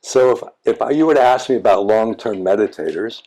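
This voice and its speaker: Low-voiced older man, frank storyteller. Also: fairly quick, warm tone. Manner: frank, blunt, occasionally profane, repeats words when restarting. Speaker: meditation teacher. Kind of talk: reflective conversational storytelling.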